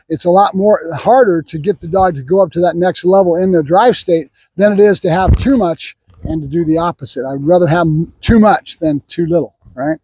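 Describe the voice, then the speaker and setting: A man's voice: high-pitched, a little mellow, slightly rough, rough recording. A man who trains dogs, talking casually outdoors about training his dog and giving it commands in French. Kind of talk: casual training vlog talk. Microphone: camera set up on his own.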